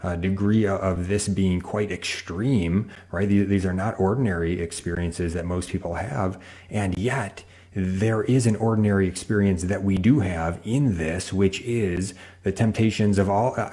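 A man hosting a faith talk show who speaks in a measured, explanatory way. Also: deep voice, dark tone.

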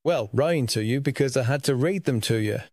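A man's voice: mid-range voice, brisk, darkish tone, dry recording, clean studio sound. A man earnestly telling his personal faith testimony about receiving a lung transplant, in a reflective storytelling manner.

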